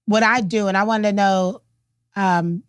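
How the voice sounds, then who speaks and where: A woman co-hosting a podcast in casual chat, talking in an emphatic, animated way. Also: mid-range voice, unhurried, clear, resonant tone, dry recording. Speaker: podcast co-host.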